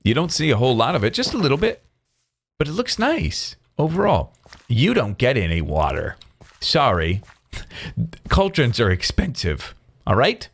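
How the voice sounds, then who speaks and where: A man's voice: medium pitch, wildly swooping pitch, normal speed, pauses often, fairly bright tone. A man giving casual gameplay commentary, rambling and often cutting himself off with restarts and chuckles. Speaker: gaming video creator.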